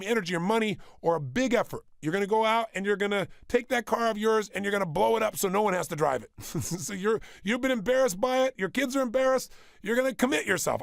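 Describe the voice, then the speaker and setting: A man's voice: high voice, creaky, no room sound. A man giving a motivational workshop talk in a studio, emphatic and fond of repeating phrases and firing off rhetorical questions. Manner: rapid-fire rhetorical questions. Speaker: motivational speaker. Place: studio with a small audience.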